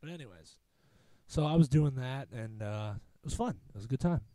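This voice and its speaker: A man's voice: mid-range voice, lively intonation, moderate pace, dark tone, no room sound. A young man hosting a podcast, telling a long rambling story in a casual, profane, self-mocking way. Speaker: podcast host.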